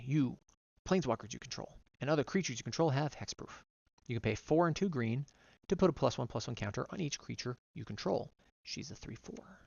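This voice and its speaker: Casting note: gravelly male streamer, dry close mic, slightly dull sound, rattling through card text. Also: medium pitch, no echo. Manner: reads card text aloud, quick and run-on. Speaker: vtuber streamer. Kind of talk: casual card-by-card deck reading.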